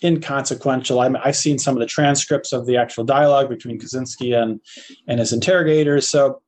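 A man's voice: medium pitch, steady tone, brisk, a little mellow, a little hiss or hum. An older man, a philosophy lecturer, answering podcast interview questions in an earnest, hesitant way with frequent restarts.

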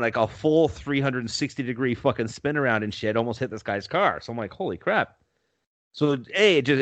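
A man's voice: mid-range voice, no room sound. A man casually telling a profane story on a podcast, often laughing as he talks.

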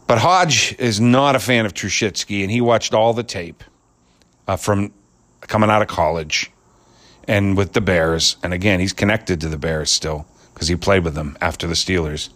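A man's voice: low voice, normal speed, fairly bright tone. Crude, rambling man ranting about football. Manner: laughs at his own jokes. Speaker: sports commentator. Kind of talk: casual opinionated sports rant.

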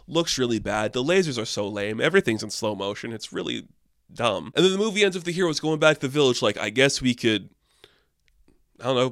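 A man's voice: medium pitch, fairly bright tone, no room sound, studio quality. A young man giving a casual, sarcastic movie review, rambling and exasperated, with lots of filler words.

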